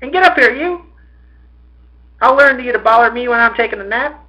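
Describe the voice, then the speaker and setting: A man voicing a tough, coarse woman who yells down from a window, high and loud. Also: animated, a little fast, highs cut off, exaggerated voice. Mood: yelling. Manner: shrill, yelling, coarse.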